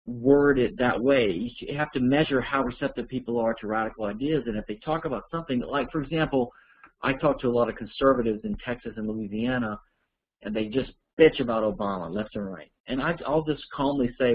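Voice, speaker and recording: Gravelly, husky male course instructor. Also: mid-range voice, brisk, narrow, tinny audio. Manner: rambling, thinks aloud and answers in a conversational way. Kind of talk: live Q&A answering listener questions.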